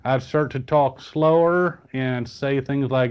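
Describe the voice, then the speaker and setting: A man's voice: medium pitch, takes it slowly, clear, resonant tone, highs cut off. A man chatting casually as a guest on a podcast, rambling with many fillers and restarts. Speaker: guest toy reviewer.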